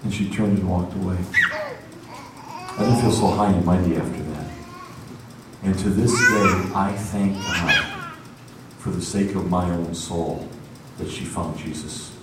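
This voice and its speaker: A man preaching a storytelling sermon in a lively, conversational way, recorded in an echoey hall from far off. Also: deep voice, a little slow, long pauses, heavy background noise.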